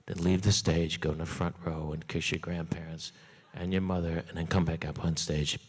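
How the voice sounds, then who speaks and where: A man putting on the voice of a blunt older male rabbi who gives flat, matter-of-fact instructions. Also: deep voice, moderate pace, slightly rough, pitched below the performer's own voice. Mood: deadpan.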